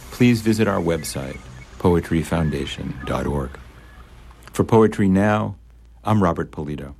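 A radio host delivers a formal, scripted announcement in a very deep voice. His measured delivery sounds polished and broadcast-ready. A faint background hum sits behind him. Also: creaky, darkish tone.

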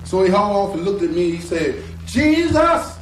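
A middle-aged man, a guitarist, telling a story slowly and drawling, acting out the voices of the people in it. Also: high-pitched, steady tone. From North Carolina. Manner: slow, drawling, acts out quoted voices. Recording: roomy echo, guitar behind.

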